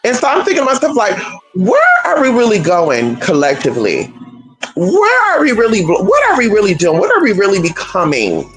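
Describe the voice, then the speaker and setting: A livestream host ranting to viewers in an animated, rhetorical way, firing off question after question and swearing freely. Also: medium pitch, moderate pace, music in the background, rough recording. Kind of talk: livestream rant.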